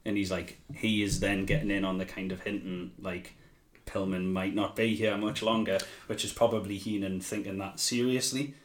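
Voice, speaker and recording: A man's voice: low voice, little pitch movement, moderate pace. A young man co-hosting a podcast, chatting casually with frequent laughter and swearing. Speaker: podcast co-host. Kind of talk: casual chat recapping wrestling.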